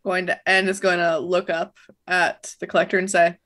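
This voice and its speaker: A woman's voice: on the low side, level tone, moderate pace, a bit bright. A woman playing a tabletop game who describes her character's actions in a casual, curious way. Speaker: player. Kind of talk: tabletop role-play.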